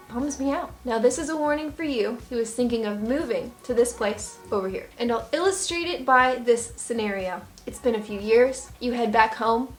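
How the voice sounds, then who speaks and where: Sarcastic, playful American woman vlogger. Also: on the high side. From United States. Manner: sarcastic, playful, mock-serious. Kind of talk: comedic vlog monologue.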